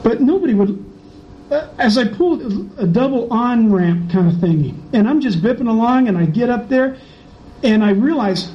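A man's voice: very high voice, normal speed. A middle-aged man, preaching a sermon full of personal stories, acting out voices as he goes. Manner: animated storyteller, acts out voices and laughs. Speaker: pastor. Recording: slightly dull, faint background noise.

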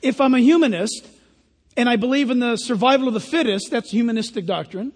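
A man's voice: very high-pitched, big pitch swings, fairly quick, darkish tone, slightly rough, big-room sound. A man preaching a sermon as pastor, emphatic with sarcastic asides.

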